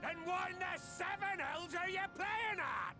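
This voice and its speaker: A man's voice: very high-pitched, expressive, a little slow, shouting. An actor playing an old, weathered male pirate captain who lectures his crew in old-fashioned pirate speech. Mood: stern. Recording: game soundtrack music behind.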